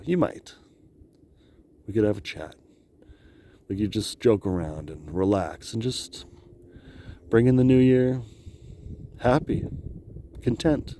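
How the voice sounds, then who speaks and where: Guy rambling to his handheld cam outside in the cold, lowish mellow voice, laughs a lot, faint wind-ish noise behind. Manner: rambling, laughs often, self-talk. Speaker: vlogger. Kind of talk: casual rambling vlog. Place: outdoors on a high lookout, cold.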